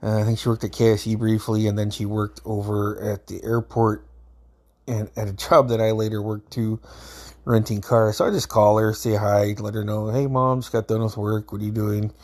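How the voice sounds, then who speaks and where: A man's voice: lowish voice, level tone, moderate pace, darkish tone. A man in his thirties from Alaska, telling a casual, rambling story with lots of fillers and swearing. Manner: rambling, laid-back, frequent fillers and swearing.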